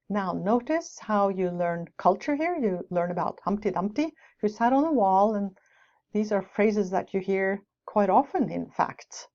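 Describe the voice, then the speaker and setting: A woman lectures in a mellow, soft-edged voice, explaining her points with light asides. The recording is dull and lo-fi. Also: mid-range voice, animated, a little slow. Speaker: teacher educator. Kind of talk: lecture on teaching English with rhymes.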